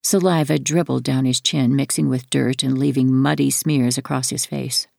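Low gravelly woman reading her memoir, measured, dry close sound. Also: fairly even intonation, a little mellow, dry recording. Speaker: audiobook narrator. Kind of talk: first-person memoir narration.

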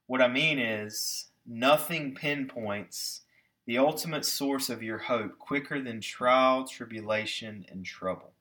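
A man preaching a sermon with emphasis, slowing down to stress key words and putting rhetorical questions to his listeners. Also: medium pitch, pushed and bright. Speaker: pastor.

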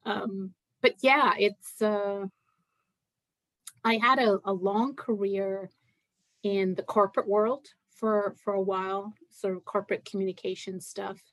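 A woman's voice: mid-range voice, fairly even intonation, a little slow, a bit bright, no echo. A middle-aged woman from Scotland who now sounds American, talking casually as an interview guest, hesitant with many fillers and restarts. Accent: American with Scottish roots. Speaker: guest, writer and massage therapist.

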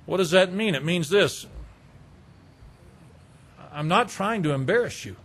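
A male preacher delivering an expository sermon, slow and emphatic, stacking repeated phrases. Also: high voice, lively intonation, fairly bright tone, breathy edge.

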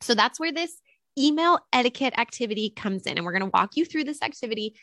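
A woman co-hosting a podcast for teachers, speaking in a slightly higher voice. She explains things steadily and encouragingly, and the sound is dry and close to the mic. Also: expressive, fast talker, a bit bright, dry recording. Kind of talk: casual podcast chat.

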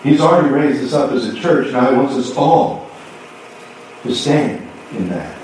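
A man preaching a sermon as pastor, telling a story and acting out both sides of a conversation with lively swings in voice. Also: medium pitch, unhurried, a little hiss or hum. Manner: animated storytelling, acting out dialogue. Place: church sanctuary. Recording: echoey hall from far off.

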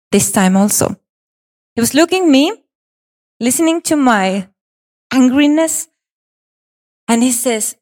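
Slow-paced woman telling a dramatic personal story. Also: high voice. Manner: dramatic, swinging between hushed and pleading. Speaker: speaker presenting a personal story. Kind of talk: storytelling speech.

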